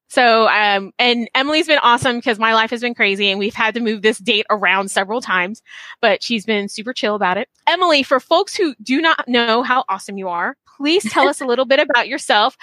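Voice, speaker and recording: A woman hosts a podcast in an easy, chatty way, effusive and excitable, stacking asides and restarts as she talks. Her voice sits a little high and rings bright and forceful. The sound is dry and close, with no room behind it. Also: no room sound. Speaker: podcast host. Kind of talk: casual chat.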